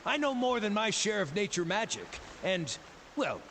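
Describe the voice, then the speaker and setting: Hiravias, a jaunty impish druid. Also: male voice, high voice, sing-song, normal speed, bright, forceful tone, a little hiss or hum, full character voice. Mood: cheeky. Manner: jaunty, playful, well-spoken. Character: impish, cheerful small male Orlan druid wanderer. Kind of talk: voiced game dialogue.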